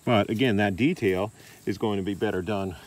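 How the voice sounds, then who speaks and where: A middle-aged Australian man demonstrating massage techniques in a relaxed, chatty way, recorded in a park. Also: lowish voice, moderate pace. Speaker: massage teacher. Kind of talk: casual demonstration. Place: park outdoors.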